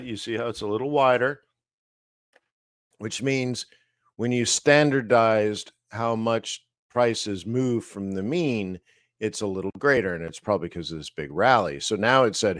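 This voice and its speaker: A man teaching trading live, walking through price charts slowly, thinking aloud with fillers and asides. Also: medium pitch, no echo, clean studio sound. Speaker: trading educator.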